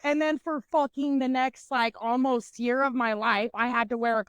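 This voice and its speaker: A young woman co-hosting a podcast, telling a story in a blunt, animated way and swearing constantly. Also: fairly high pitch, normal speed, smooth, no room sound. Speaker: podcast co-host.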